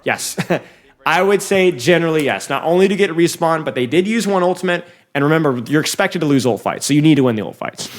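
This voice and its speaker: A man with a slightly high voice talks briskly, coaching viewers through a match review in casual commentary. He speaks straight to them and gets excitable whenever plays swing.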